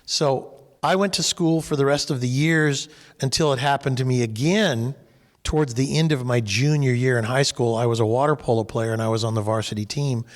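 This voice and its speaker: A man's voice: medium pitch, fairly quick, in a large hall. A man from California tells a personal story while leading a faith discussion group, acting out the people in it. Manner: animated, acts out quoted people.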